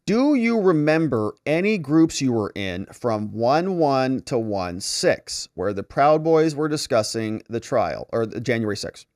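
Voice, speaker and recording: Measured male prosecutor pressing a witness, lower and slower, as a man reads him out. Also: very animated, darkish tone, no room sound, studio quality. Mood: probing.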